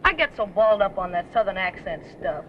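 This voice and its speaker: A woman's voice: medium pitch, lively intonation, brisk, natural voice. A woman playing an eager, girlish young grifter, in 1930s film acting. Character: young female grifter, con man's partner. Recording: dull old film soundtrack with faint hiss.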